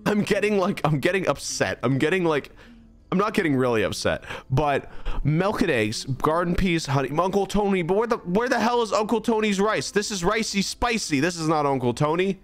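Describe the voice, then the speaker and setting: A man's voice: high-pitched, animated, normal speed. A young man streaming a game, talking through it in a rambling, exasperated, self-mocking way. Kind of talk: casual gameplay commentary.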